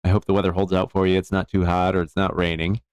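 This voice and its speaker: An easygoing man talks casually to his live-stream audience, rambling a little and thanking people as he goes. His voice sits low and comes across clean and smooth. The sound is close and dry, with no room echo. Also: flat delivery, quick pace, a little mellow. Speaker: jeweler streaming bench work.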